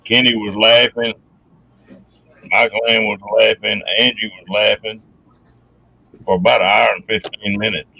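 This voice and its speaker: A man's voice: fairly low pitch, flat delivery, normal speed, vocal fry, long pauses, pushed and bright, rough recording. A man hosting a podcast, speaking casually in a folksy, drawling way. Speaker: podcast host. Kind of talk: casual chat.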